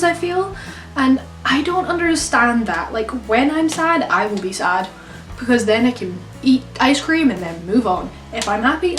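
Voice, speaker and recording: A young woman with a cold, talking casually in an exasperated, questioning vlog monologue. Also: fairly high pitch. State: has a cold. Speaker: vlogger. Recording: roomy, from a distance.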